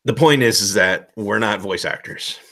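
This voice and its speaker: A man giving casual advice as a game master, loose and self-deprecating, rambling with a relaxed tone. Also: fairly low pitch, moderate pace. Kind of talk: casual instructional talk.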